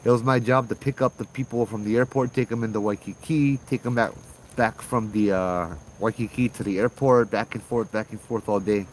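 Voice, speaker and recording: A man with a Hawaii local accent telling a ghost story casually, animated, acting out the voices of people in it. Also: lowish voice, a little fast, a little hiss or hum, low-quality recording. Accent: Hawaii local English. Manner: animated, acts out voices in dialogue. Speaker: ghost tour guide and storyteller.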